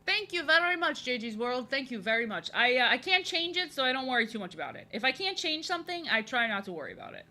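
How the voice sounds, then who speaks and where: A young woman chatting while drawing on a live stream. She talks in an overexcited, chatty way, often repeats herself, and has a youthful voice that people say sounds like an excited little boy. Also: fairly high pitch, fast talker, few pauses. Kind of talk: casual chat while drawing.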